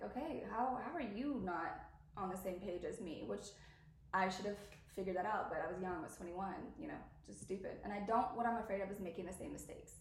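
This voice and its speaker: Talking directly to her audience, this podcast host in her thirties rambles and confides with plenty of swearing, her throat scratchy from allergies. Her medium-pitched voice echoes with reverb in the candid, casual conversation.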